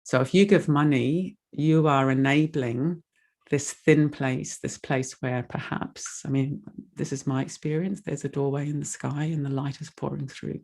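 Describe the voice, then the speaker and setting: A woman speaks with a gravelly, slightly fried voice as she makes a heartfelt donation appeal during an online meditation session. She rambles warmly and openly, sounding moved and close to tears. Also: sits low, fairly even intonation, unhurried.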